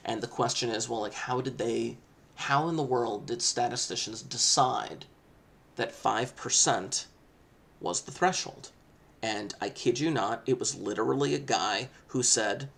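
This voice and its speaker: A man teaching a statistics lesson, talking in an animated, jokey and emphatic way. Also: mid-range voice, moderate pace, creaky. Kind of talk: classroom lecture.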